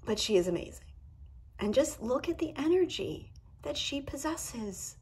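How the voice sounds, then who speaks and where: A woman's voice: mid-range voice, animated, moderate pace, slightly rough. A woman giving a casual tarot reading at home, talking candidly and cursing freely. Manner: candid and profane, with emphatic asides. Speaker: tarot reader. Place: indoors at home.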